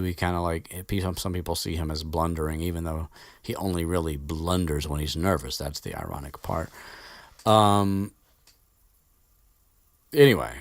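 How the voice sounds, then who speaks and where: A man's voice: low-pitched, dry recording, studio quality. A man hosting a podcast, recapping a book in a casual, rambling way with lots of fillers and offhand swearing.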